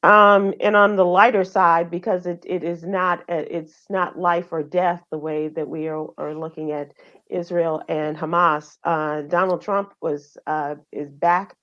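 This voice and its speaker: A woman with a low voice hosts a radio show and runs through the headlines in an easy, conversational way. She talks with plenty of fillers and restarts, and the audio sounds a little muffled. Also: steady tone, unhurried. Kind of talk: casual news chat.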